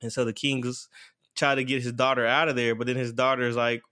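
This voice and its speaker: A man's voice: mid-range voice, level tone, fairly quick, sharp tone. Rambling man recapping a show. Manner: rambling, lots of fillers like "blah, blah, blah". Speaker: anime reviewer.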